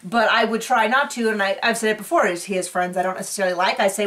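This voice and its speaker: A woman's voice: mid-range voice, fast, a bit bright, recorded from a distance. A woman hosting a casual recap show, chatty and opinionated with sarcastic asides, recorded a bit away from the mic.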